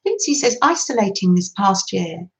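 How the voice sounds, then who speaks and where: A woman hosting a live craft stream, chatting gently with viewers, greeting them by name and laughing softly as she works. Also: mid-range voice, sing-song, moderate pace, low-quality recording. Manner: soft frequent laughter. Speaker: craft livestream host.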